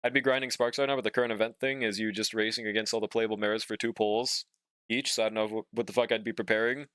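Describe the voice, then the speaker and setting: A man's voice: on the low side, level tone, quick pace, a bit bright, no room sound, clean studio sound. A young man streaming a game, chatting casually with viewers and swearing often, and sounding a bit sleepy. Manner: laid-back, drawling, swears often, reads and answers chat. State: yawning, sleepy. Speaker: gaming streamer. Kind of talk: casual live-stream chat while playing.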